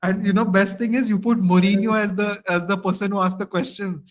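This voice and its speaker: Brief: young man, high-pitched, animated football banter, playful mimicry. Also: brisk. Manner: animated, joking, mimics players.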